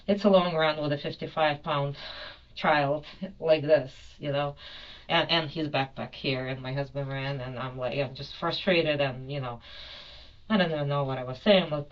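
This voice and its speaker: A woman's voice: very deep voice, fairly even intonation, moderate pace. A woman in her forties recounting an incident in an interview, rambling with many fillers and self-corrections. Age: 40s. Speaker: airline passenger being questioned. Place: interrogation room. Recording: dull lo-fi recording.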